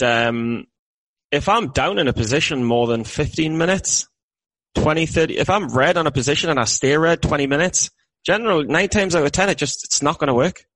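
A man's voice: medium pitch, fairly bright tone, no echo. A British man co-hosting a podcast in casual chat, rambling and self-deprecating with many restarts. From Britain. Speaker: podcast co-host.

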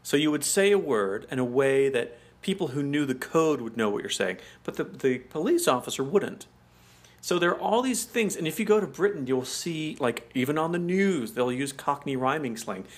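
American guy cohosting a podcast, kinda high voice, rambles and laughs a lot. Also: lively intonation, normal speed. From United States. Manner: chatty, explains at length, laughs often. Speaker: podcast co-host. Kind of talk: casual chat.

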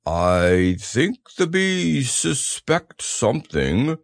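A gentle, slow-witted teddy bear, as a male reader puts him on, musing in a slow, ponderous way. His low voice has a gravelly edge and drifts slowly through its words. It sounds like a storybook read aloud. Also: very animated, dry recording, clean studio sound, full character voice. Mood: anxious. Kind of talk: storybook character voice.

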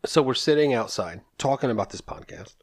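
A man's voice: mid-range voice, animated, fairly quick. Easygoing man podcast co-host. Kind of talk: casual podcast chat.

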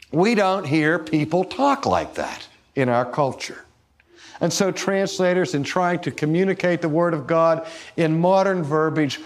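A man delivering a theological lecture-sermon, speaking deliberately, pressing key words and putting rhetorical questions to his listeners. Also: a little high. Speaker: preacher and teacher.

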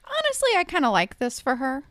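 A woman's voice: sits high, huge pitch swings, a little fast, fairly bright tone, no room sound, clean studio sound. A young woman co-hosting a casual chat, giving her opinions in a hedging way with lots of fillers. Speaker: podcast co-host.

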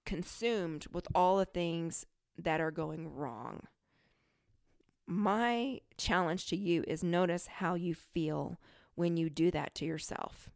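A lower-pitched woman talks straight to her listeners about spiritual growth. She coaches them earnestly in a relaxed, conversational way. Her voice sounds close and dry, with no room echo. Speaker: spiritual healer and podcast host. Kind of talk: casual spiritual talk to listeners.

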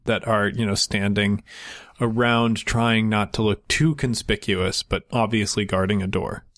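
A man's voice: on the low side, steady tone, a little slow, fairly bright tone. A man narrating a tabletop game as game master, loose and joking.

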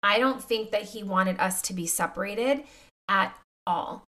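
A woman's voice: mid-range voice, unhurried, sharp tone. A woman hosting a faith podcast, talking candidly and directly to her listeners, her voice congested and nasal from a recent illness. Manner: confiding, addresses listeners directly. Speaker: podcast host.

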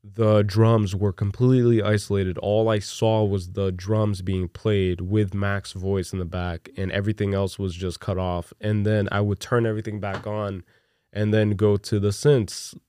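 A young man co-hosting a podcast in casual chat, rambling excitedly and peppering his talk with "look" and "dude". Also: fairly low pitch, unhurried, smooth, no echo. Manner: animated and rambling, with many "look" and "dude" fillers. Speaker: podcast co-host.

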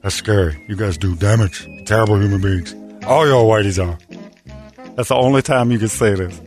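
A man's voice: fairly low pitch, moderate pace, a little mellow, faint music behind. A man hosting a sports radio show, full of brash, teasing trash talk and joking banter.

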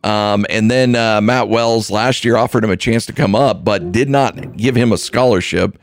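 A man co-hosting a sports radio show, talking in a halting, casual way with many restarts. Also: on the low side, no room sound, clean studio sound.

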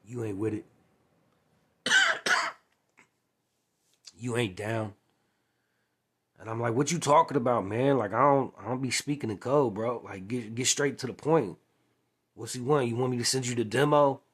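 A man speaks in a relaxed, conversational monologue with a slightly husky voice at a middle pitch. He retells past conversations by acting out each side, and he keeps checking in with "you know what I mean". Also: fairly quick. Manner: chatty, keeps adding "you know what I'm saying". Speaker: former music manager. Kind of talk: casual storytelling monologue.

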